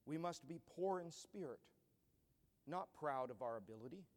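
A man's voice: fairly high pitch, animated, moderate pace. A man pastor preaching a sermon in an earnest style that builds to emphatic declarations. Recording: long church hall reverb.

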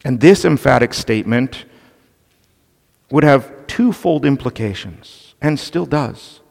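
A man preaching an expository sermon, slow and deliberate, stressing key points with emphasis. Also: mid-range voice, lively intonation, creaky, darkish tone. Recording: long reverb of a large hall.

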